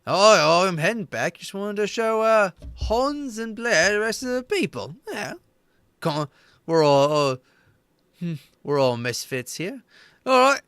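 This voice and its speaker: A bright, chirpy young bandit girl, as a male game master puts her on, lifting the voice well above his own and pushing it upward at line ends with a lively bounce. the delivery is clean and dry, right up on the mic. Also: sits high, measured pace, clean tone, no room sound, pitched above the performer's own voice, heavily acted.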